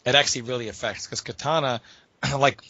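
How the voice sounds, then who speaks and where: A man on a casual podcast, telling animated stories about gaming and swearing freely. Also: mid-range voice, a little fast. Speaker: podcast guest, fighting game player. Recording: dull lo-fi dry recording.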